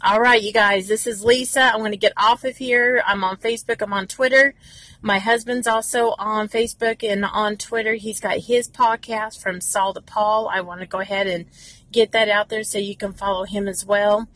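A woman's voice: medium pitch, steady tone, moderate pace, fairly bright tone, no room sound. Earnest woman talking in her car. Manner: earnest, encouraging, many fillers. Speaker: devotional speaker. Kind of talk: informal devotional talk. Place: inside a parked car, rain outside.

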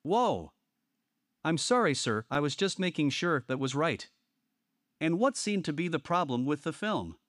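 A text-to-speech man voicing a chummy young store clerk who cracks crude jokes. The voice sits a touch high and sounds dry and close. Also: big pitch swings, unhurried, a bit bright, no room sound. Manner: friendly, crude joking.

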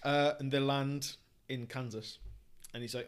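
Casual male podcast co-host, mid pitch, jokey and rambling, quizzing a friend. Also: fairly even intonation, measured pace, smooth. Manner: jokey, rambling, self-deprecating. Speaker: podcast co-host asking quiz questions. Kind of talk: casual film podcast chat.

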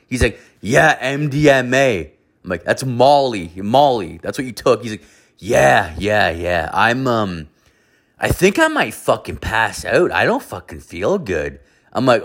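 Young man, lowish voice, swearing, animated, telling a story. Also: normal speed. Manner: animated, swears constantly, acts out quoted voices. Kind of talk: casual profane storytelling.

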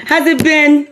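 A woman's voice: high-pitched, a bit bright, slight background noise. A woman hosting a podcast, running a comic call-in bit in a playful way and laughing often. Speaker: podcast host.

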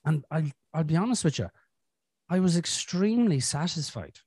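A man's voice: on the high side, expressive, moderate pace, a little mellow, breathy edge, dry recording, clean studio sound. A man hosting a podcast, telling his own story in a candid, casual way and swearing often. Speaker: podcast host. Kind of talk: casual conversation.

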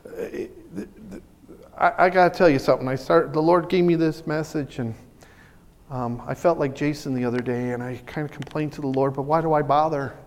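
A high-pitched male pastor preaches a lively sermon in a church sanctuary, brisk and excitable, often restarting his sentences. A long hall reverb trails behind his animated voice.

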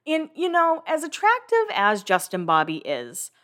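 A woman's voice: medium pitch, huge pitch swings, a little slow, fairly bright tone. A woman hosting a casual recap podcast, chatty and filler-heavy, with the odd swear word. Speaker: podcast host.

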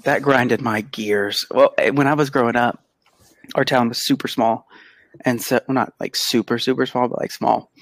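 A man co-hosting a podcast, telling an animated, casual story and acting out the quotes. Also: medium pitch, moderate pace, no echo. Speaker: podcast co-host; pediatric physical therapist. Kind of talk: casual chat.

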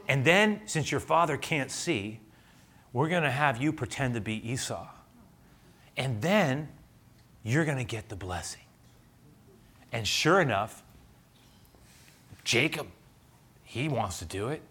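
A male pastor preaching a sermon, telling a scripture story with lively, acted-out energy. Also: medium pitch, slow pace, pauses often, breathy edge. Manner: animated storyteller, acting out the scripture.

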